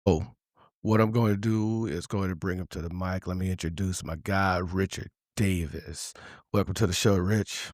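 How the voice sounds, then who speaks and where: Slangy low-voiced man hosting. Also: steady tone, moderate pace, no room sound, clean studio sound. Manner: loose, slangy and rambling, with many fillers. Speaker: podcast host. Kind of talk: casual interview chat.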